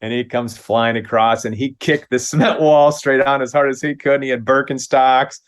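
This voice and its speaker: Man in his 50s, lively storyteller. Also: moderate pace. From Minnesota, USA. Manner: lively anecdote, acts out the other voices with big pitch jumps, chuckles. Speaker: guest, comedy actor. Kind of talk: casual storytelling.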